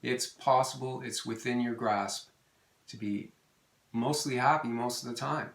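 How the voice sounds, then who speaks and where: A middle-aged man co-hosting a live stream, speaking in a calm, quiet, earnest way. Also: medium pitch, measured pace, creaky. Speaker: co-host. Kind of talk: casual chat on a live stream. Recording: roomy echo.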